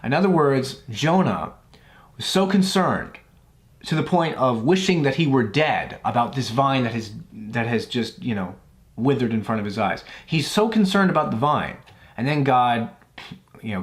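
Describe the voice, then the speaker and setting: A man's voice: medium pitch, animated, normal speed. A man talks straight to his viewers in a loose, conversational way, often stopping for "you know" and "uh". His voice sits in an ordinary middle range. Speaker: YouTube host reviewing Bible books. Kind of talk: casual video commentary after reading scripture aloud.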